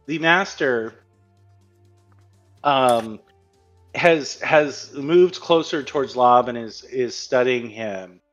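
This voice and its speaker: A man's voice: medium pitch, fairly bright tone, muffled recording. A man narrating as game master in a tabletop game, hesitant and full of fillers.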